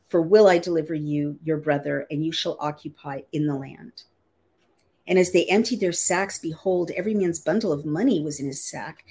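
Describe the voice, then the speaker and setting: A Bible teacher with a low, husky, slightly mellow female voice reads scripture aloud. She reads archaic verses and then puts them into everyday, plain language.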